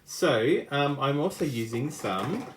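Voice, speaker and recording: A man's voice: mid-range voice, animated, slow, roomy sound, background noise. A man co-hosting a casual craft stream, reading viewer comments aloud with dry, understated remarks. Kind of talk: casual live craft demo.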